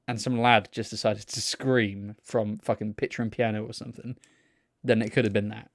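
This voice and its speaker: A young man, co-hosting a podcast and telling a sweary, animated story about people he met. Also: fairly low pitch, moderate pace, dry recording, studio quality. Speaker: podcast co-host. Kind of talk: casual storytelling chat.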